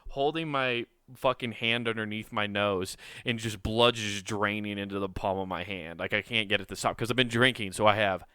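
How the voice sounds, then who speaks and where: Podcast co-host from Iowa, a man with a bright, clear voice, for chatty anecdotes with laughs. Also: fairly low pitch, moderate pace, hardly any pauses, dry recording, studio quality. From Iowa, USA. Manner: animated, laughing, acts out quoted voices. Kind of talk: casual storytelling chat.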